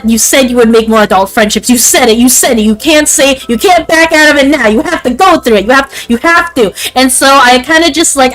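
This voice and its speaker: A woman's voice: on the high side, fairly bright tone, rough recording. A woman in her twenties chatting casually on a stream, rambling and interrupting herself with lots of fillers. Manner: rambling, self-interrupting, frequent "like" and "um". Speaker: VTuber streamer.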